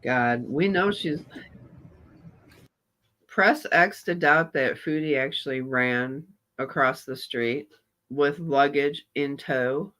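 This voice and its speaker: Slow, bright-voiced sarcastic male streamer. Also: on the high side. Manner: mocking, sarcastic, greets chat viewers. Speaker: reaction streamer. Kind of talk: live commentary on a clip.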